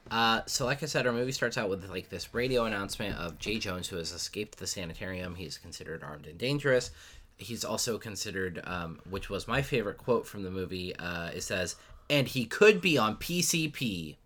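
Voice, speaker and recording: A man co-hosting a podcast, retelling a movie scene by scene in a rambling, filler-heavy way, swearing casually and bursting into animated retellings. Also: low-pitched, brisk. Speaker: podcast co-host. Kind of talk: casual chat recapping a movie.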